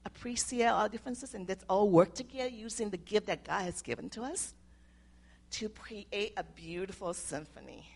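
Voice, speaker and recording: Older woman with a gravelly, earnest voice. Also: medium pitch, moderate pace, darkish tone. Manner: earnest, homely, with simple grammar slips and restarts. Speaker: speaker sharing a devotional talk. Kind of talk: informal sermon.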